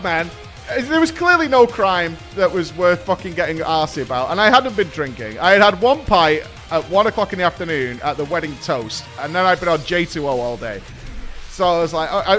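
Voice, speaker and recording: A British man in his thirties hosting a podcast, telling a story in a casual, animated way and swearing freely. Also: high-pitched. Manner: animated, swears, laughs while telling stories. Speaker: podcast host.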